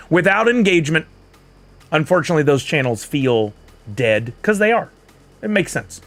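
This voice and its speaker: A man's voice: on the high side, animated, moderate pace, pauses often, fairly bright tone. A man hosting a casual livestream, chatty and upbeat, walking viewers through steps and reading out their comments. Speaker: livestream host.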